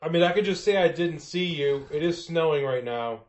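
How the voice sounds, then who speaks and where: A man playing a weary snowplow driver who talks in a flat, reasonable way that turns quietly threatening. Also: a little high, moderate pace, pitched above the performer's own voice, lightly acted. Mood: exasperated. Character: weary male snowplow driver, patient then menacing.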